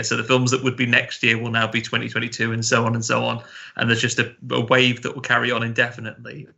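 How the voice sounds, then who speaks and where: A man chatting casually on a podcast, musing aloud and throwing questions to the others. His voice is gravelly with a lot of vocal fry, and very bright and forceful. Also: mid-range voice, highs cut off. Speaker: podcast co-host. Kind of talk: casual chat.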